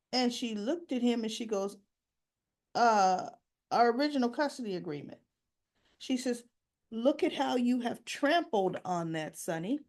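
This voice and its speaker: A woman recapping a soap opera episode, casually retelling each scene and acting out the characters' lines. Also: mid-range voice. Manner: animated, acts out the lines.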